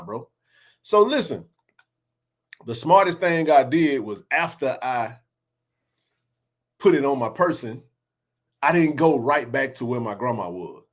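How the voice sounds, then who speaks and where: A man in his forties hosting a sports podcast, telling neighborhood stories in a laughing, slangy way. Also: medium pitch. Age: 40s. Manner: laughing, animated storyteller with slang. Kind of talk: casual storytelling chat.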